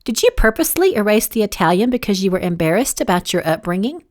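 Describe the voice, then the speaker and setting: A woman voicing a spirited young Southern heroine, quick to irritation, with raised, emphatic questions. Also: medium pitch, big pitch swings, a little mellow, close to an everyday voice. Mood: probing.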